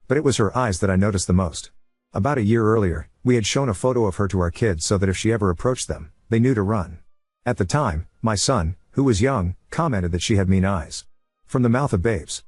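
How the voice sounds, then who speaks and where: Narrator: a man with a lowish voice reads a first-person story in an even, measured way over faint music, dry close sound. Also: dry recording. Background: faint background music.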